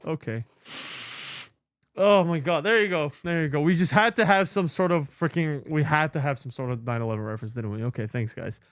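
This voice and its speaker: A male streamer chatting casually with viewers, excitable and swearing often with lots of exclamations. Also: a little high, creaky, dry recording, studio quality. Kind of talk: casual live-stream chat.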